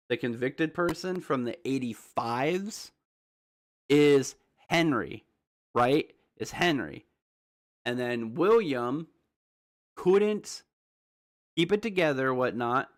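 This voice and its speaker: A man's voice: medium pitch, lively intonation, slow pace. A man hosting a livestream, rambling through theories in loose casual chat, full of fillers and asides to viewers. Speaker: livestream host.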